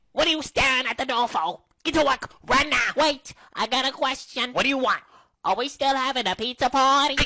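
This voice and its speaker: A woman's voice: sits high, sharp tone, slight background noise. A woman acting out comedy sketches in a slangy, brash and playfully bossy way. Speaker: sketch comedian playing several parts.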